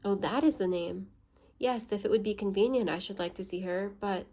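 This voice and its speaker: A woman voicing a blunt, proud and sarcastic English gentleman in a storybook reading, with a scolding manner. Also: mid-range voice, moderate pace, close to an everyday voice.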